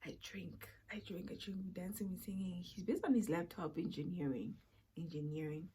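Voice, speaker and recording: A young woman with a South African accent telling a personal story in a casual, animated way, sometimes dropping to a whisper. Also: on the low side, normal speed, slight background noise. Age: young adult. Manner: animated, drops to a whisper for asides. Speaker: vlogger.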